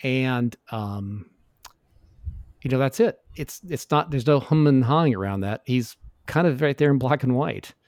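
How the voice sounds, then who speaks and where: A man's voice: mid-range voice, a little slow, a little mellow, no echo, studio quality. A middle-aged man speaking as a guest in a casual interview, telling his story in an earnest, reflective way. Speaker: podcast guest.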